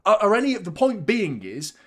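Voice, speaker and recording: A man hosting a live football watchalong, chatting opinions and commenting on play, swearing freely and getting loud at big moments. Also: sits high, wildly swooping pitch, normal speed, breathy edge. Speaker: host of a football fan channel.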